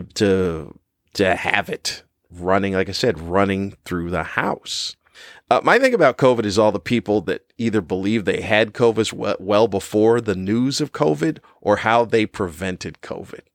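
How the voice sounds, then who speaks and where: A man's voice: on the low side, dry recording. Rambling wry man in a dry room. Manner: rambling, wry, with frequent fillers and restarts. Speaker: podcast host. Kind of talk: casual monologue.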